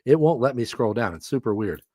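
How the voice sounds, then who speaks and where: A middle-aged man hosting a live stream, commentating a fantasy football auction, excitable and quick to laugh at himself. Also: mid-range voice, no room sound, clean studio sound. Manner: excitable, self-mocking, laughs often.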